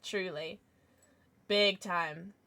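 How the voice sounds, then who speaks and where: A woman live streamer chatting casually with her viewers, chatty and quick to swear. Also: fairly low pitch. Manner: chatty, lively, swears freely.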